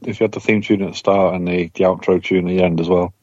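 A man's voice: sits low, level tone, fast talker, darkish tone. A man co-hosting a podcast, dropping dry, absurd one-liners. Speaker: podcast co-host. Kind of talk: casual comedy podcast chat. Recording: dry, dull lo-fi audio.

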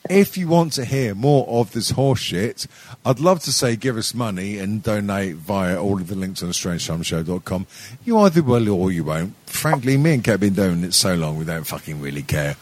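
A middle-aged man, the host of a podcast, tells a story in casual comedic chat, rambling, cursing and laughing frequently. He speaks at normal speed in an expressive, slightly mellow voice on the low side.

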